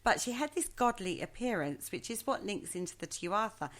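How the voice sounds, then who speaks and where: In a mid-range, animated voice at normal speed, this podcast co-host chats her way through a legend, hesitating here and there and mocking how she pronounces things. The tone is casual and storytelling.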